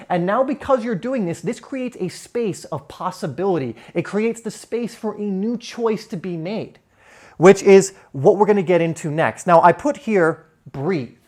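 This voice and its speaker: A young man teaching at a whiteboard in an earnest, conversational way, with shifting emphasis. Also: sits high. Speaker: self-help coach.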